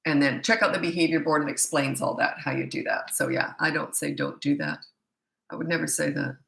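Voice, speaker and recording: A woman's voice: low voice, steady tone, a little fast, vocal fry, a bit bright, echoey room. A middle-aged woman parenting coach reading viewer questions and answering them in a blunt, opinionated, casual way.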